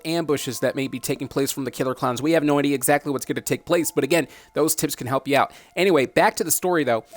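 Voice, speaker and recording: A man with a slightly high voice hosts a dramatic commentary vlog. He talks emphatically, circles back to his points and fires off rhetorical questions. Soft music plays faintly underneath. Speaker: host.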